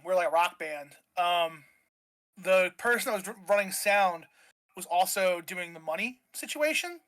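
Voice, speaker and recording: A man's voice: high voice, fairly bright tone, low-quality recording. A man in his thirties, a streamer guest, telling a rambling story full of fillers and swearing. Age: 30s. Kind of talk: casual storytelling.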